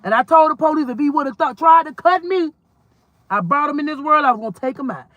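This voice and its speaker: Recorded close and dry in her car while driving, a mother vlogger from Georgia rants angrily and profanely to viewers, blunt and quick with interjections. Her voice sits high, with a quick pace and a fairly bright tone. There's no echo, and the highs are cut off.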